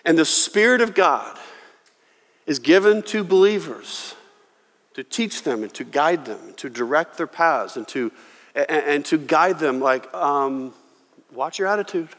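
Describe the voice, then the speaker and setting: Animated male pastor in a reverberant hall. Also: on the high side, unhurried. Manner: animated storytelling, acting out quoted voices. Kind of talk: sermon.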